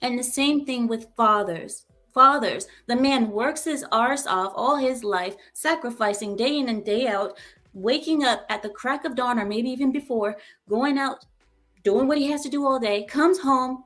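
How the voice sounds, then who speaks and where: Woman, reaction commentary host, ranting, fairly high voice, emphatic and repetitive. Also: moderate pace, a bit bright, soft background music. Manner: heated, emphatic, repeats herself.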